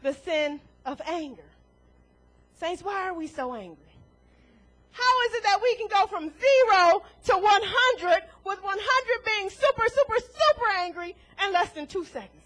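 A woman's voice: extremely high pitch, animated, measured pace, fairly bright tone. A woman preaching a sermon to a congregation in a church, emphatic and full of rhetorical questions, chuckling between points.

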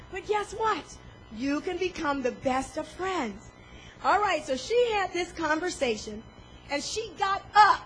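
A woman preaches with real fire, her voice very high and bright as she acts out the voices in people's heads. She swings from hushed talk to loud, rising calls. A faint hiss sits under the recording. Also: animated, normal speed, poor audio. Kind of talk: sermon.

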